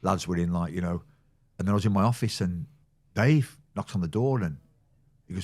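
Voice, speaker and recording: Man in his 60s, really deep low voice, chatty old physio telling yarns and doing everyone's voices. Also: brisk, darkish tone. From England. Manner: storyteller who acts out quoted people, laughing often. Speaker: guest, former football physio. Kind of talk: casual anecdotal chat.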